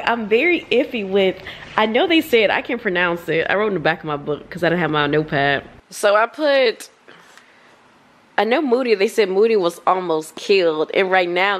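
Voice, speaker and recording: A young woman talking casually in a reading vlog, expressive and slangy, laughing often and swearing freely. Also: fairly low pitch. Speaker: book vlogger.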